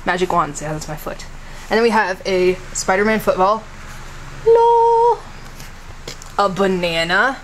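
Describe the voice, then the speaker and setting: A woman's voice: on the low side, brisk, a bit bright, a little hiss or hum, poor audio. A woman vlogging casually, telling a mock history tale in a playful, teasing way with big dramatic swoops.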